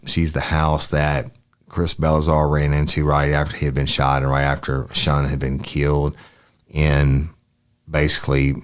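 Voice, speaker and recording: A man's voice: very deep voice, clear, resonant tone. A man, a podcast host, reading police interview transcripts aloud in a plain, matter-of-fact way. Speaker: podcast host, retired detective.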